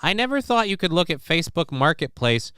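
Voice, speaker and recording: A man's voice: fairly high pitch, big pitch swings, fairly quick, bright, forceful tone, smooth, no room sound. A man hosting a casual livestream, joking loosely and with profanity while reading out viewer comments. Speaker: livestream show host.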